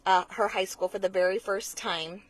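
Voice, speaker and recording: A woman speaks as an interview guest, earnest and explanatory. She often restarts her sentences and fills pauses with small hesitations. Her voice sits at an ordinary middle pitch. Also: steady tone. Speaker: blood center marketing manager, guest. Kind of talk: conversational interview.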